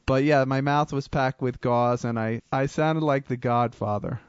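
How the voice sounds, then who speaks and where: A man hosting a casual studio show, trading deadpan wisecracks. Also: mid-range voice, moderate pace, smooth, no room sound, lo-fi sound. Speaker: podcast host. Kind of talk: casual banter.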